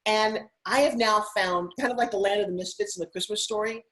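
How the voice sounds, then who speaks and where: Woman, middle-aged, from Long Island, interview guest, upbeat, persuasive, animated storyteller, mid-pitched voice. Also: a little fast, faint music behind, rough recording. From Long Island, United States. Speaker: guest, TV host and spokesperson. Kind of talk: motivational interview talk.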